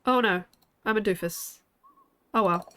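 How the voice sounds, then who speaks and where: Streamer: New woman, bright and sharp-toned, chatty and giggly, rambles with chat. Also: mid-range voice, unhurried. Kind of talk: casual live-stream chat while gaming.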